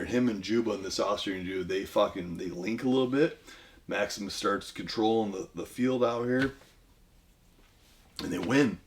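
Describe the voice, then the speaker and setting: Low-voiced man profanely recapping a movie. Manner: rambling, profane, acts out lines in shouty bursts. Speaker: podcast guest retelling a film.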